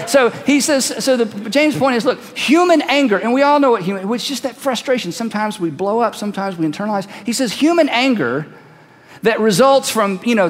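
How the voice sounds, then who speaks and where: A man's voice: high voice, long reverb tail. A man preaching a sermon in a conversational, emphatic way, acting out quoted voices as he goes. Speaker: pastor.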